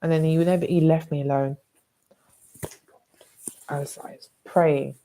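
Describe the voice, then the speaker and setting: A woman's voice: low-pitched, steady tone, measured pace, warm tone, slight background noise. A British woman vlogging, telling a personal story in a candid, blunt, rambling way with some swearing.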